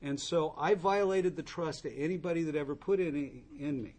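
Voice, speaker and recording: A man's voice: fairly high pitch, brisk, darkish tone. A man telling his own recovery story to a group, candid and wry, with asides to the listeners. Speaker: recovery speaker.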